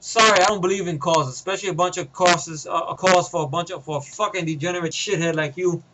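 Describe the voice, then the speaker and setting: A man's voice: sits high, fairly even intonation, quick pace, bright, forceful tone, poor audio. A man voicing a profane ex-soldier heroine. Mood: taunting. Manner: menacing, swearing, interrogating. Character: tough female ex-soldier vigilante, cold and profane.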